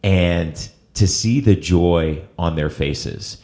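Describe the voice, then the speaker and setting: A man's voice: sits low, slow, a little mellow. A middle-aged man hosting an interview, telling a personal story in an earnest, emotional way. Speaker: host.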